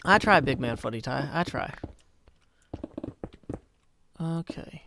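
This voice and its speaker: Speaking slowly with vocal fry, this thirty-something man runs a relaxed gaming livestream, where he reads out chat, makes wry remarks to viewers and mutters to himself. His voice is medium-pitched with lively intonation, and there's background noise.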